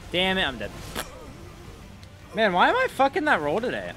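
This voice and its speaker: A man's voice: a little high, a little slow, soft background music. A man giving casual gameplay commentary, swearing and trash-talking the bosses. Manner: profane, excitable, trash-talks bosses. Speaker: gaming video creator.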